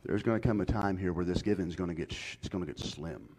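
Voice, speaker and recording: A man preaching a sermon to his church, swinging from loud calls to soft whispers. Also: low-pitched, expressive, quick pace, husky. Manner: folksy, swings from shouted to whispered. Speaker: pastor.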